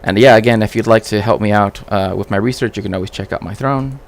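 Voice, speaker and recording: Rambling male livestreamer, lowish voice. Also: quick pace. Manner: rambling, frequent "right?" tags and restarts. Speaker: streamer and cultural historian. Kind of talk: casual livestream commentary.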